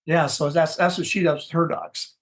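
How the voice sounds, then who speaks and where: A man's voice: fairly high pitch, fairly even intonation, normal speed. A man from Minnesota, a dog breeder, telling stories in a casual interview, rambling and repeating words as he searches for what to say.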